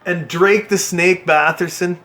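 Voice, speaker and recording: A man giving excitable play-by-play commentary on a hockey video game he is playing, cheering and groaning at his team. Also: high voice, unhurried. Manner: excitable play-by-play, yelling at the players. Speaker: gaming channel host.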